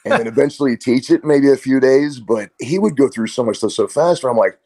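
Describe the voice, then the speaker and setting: As a casual interview guest, a martial arts coach speaks a little fast at medium pitch. He spins animated stories, acting out quotes in different voices.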